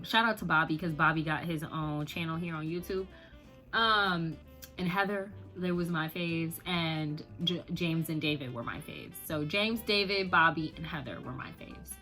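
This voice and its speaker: Casting: woman vlogger, animated casual rant, bright voice, faint music underneath. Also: deep voice, normal speed. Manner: animated, laughing often, emphatic repetition.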